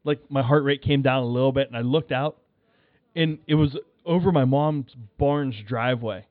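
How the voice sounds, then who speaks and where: A man telling a rambling, animated story in casual chat, acting out his own shouts. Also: medium pitch, moderate pace, dry recording. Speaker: podcast guest. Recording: tinny phone line, dry.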